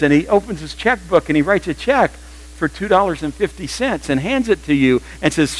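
An older man preaches to his congregation in a church. He is animated and humorous, and his voice sits somewhat high for a man. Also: a little fast, low-quality recording. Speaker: pastor. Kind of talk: sermon.

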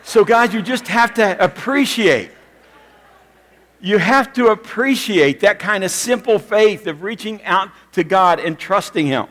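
A man's voice: high voice, lively intonation, a little slow, a bit bright. A male pastor giving a sermon to a congregation, telling stories in a conversational way and asking them direct questions. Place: church sanctuary with a congregation. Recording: long reverb of a church hall.

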